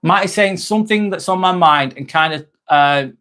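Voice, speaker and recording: A man's voice: high-pitched, normal speed, pushed and bright. A man hosting a live stream, reading viewer comments and giving earnest advice, often repeating himself. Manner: earnest, repeats himself, calls people mate. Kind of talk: casual live-stream chat.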